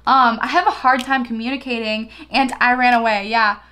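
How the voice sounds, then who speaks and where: A woman's voice: on the high side, fairly even intonation, normal speed, bright, forceful tone. A young woman giving a casual tarot reading, chatty and giggly, swearing freely as she talks. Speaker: tarot reader.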